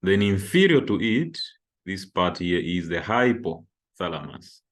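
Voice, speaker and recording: Male lecturer from Zambia, low voice, patient step-by-step explanation of a diagram. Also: sing-song, a little slow. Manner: explains while pointing at a diagram, frequent "okay". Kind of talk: anatomy lecture.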